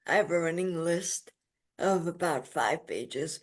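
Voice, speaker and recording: A woman in her forties, a podcast guest, telling her story in a lively, emphatic way. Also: low-pitched, unhurried. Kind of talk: casual interview storytelling.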